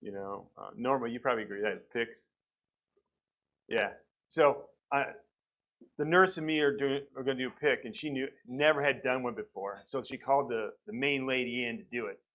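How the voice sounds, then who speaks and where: A man's voice: medium pitch, moderate pace. A man at a church pulpit shares a personal testimony in a loose, conversational way. He tells the story by acting out what people said. The sound is slightly muffled and lo-fi, like a simple church recording. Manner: conversational storytelling, acts out quoted doctors. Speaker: church member giving testimony. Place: church sanctuary.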